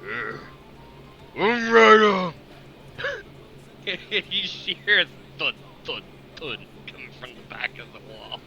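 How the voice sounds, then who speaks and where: A man narrating as game master for a tabletop game, his voice very bright and ringing, with a lively, swooping pitch. He laughs often between lines, and soft music plays behind him. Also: moderate pace, muffled recording.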